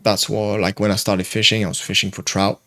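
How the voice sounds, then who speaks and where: A young man from France with a French accent, telling a fishing story as a guest in a casual, animated chat. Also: lowish voice, fairly quick, no echo, studio quality. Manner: animated storyteller, loose and chatty.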